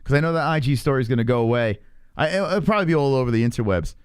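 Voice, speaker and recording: A man's voice: mid-range voice, lively intonation, racing, clean tone, no room sound, clean studio sound. A man hosting a live stream, chatting casually and teasing his chat with lots of swearing. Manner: profane, teasing, rambling with restarts.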